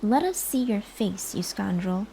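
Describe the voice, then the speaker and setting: A woman's voice: medium pitch, lively intonation, unhurried, gravelly, dark tone, slight background noise, rough recording. A woman whispering as a blustering old colonel. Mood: angry. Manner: blustering, indignant. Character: angry, proud older army colonel. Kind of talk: whispered role-play.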